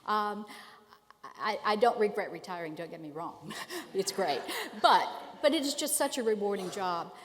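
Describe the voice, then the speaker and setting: An older woman who is a retired dean speaks on a panel in a warm, reflective way. Her mid-pitched voice rings out into a large hall with long reverb. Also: lively intonation, normal speed. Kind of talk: panel discussion on stage.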